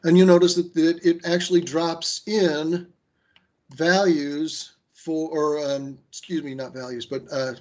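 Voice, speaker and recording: A man's voice: a little high, flat delivery, measured pace. Man giving casual online training. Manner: conversational, with many fillers and restarts; gives firm advice.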